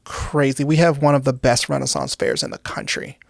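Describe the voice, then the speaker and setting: A young woman with a gravelly, fry-edged voice talks in a casual interview. She delivers dark jokes deadpan and chuckles at them. The sound is dry and close, with no room. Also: very deep voice, brisk, dry recording. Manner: deadpan, dark humor, laughs at own jokes. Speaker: guest comedian.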